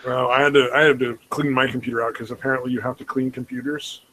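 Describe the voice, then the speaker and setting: A man's voice: medium pitch, little pitch movement, quick pace, fairly bright tone, slight background noise, rough recording. A man co-hosting a casual podcast chat, telling stories in a laid-back, rambling way.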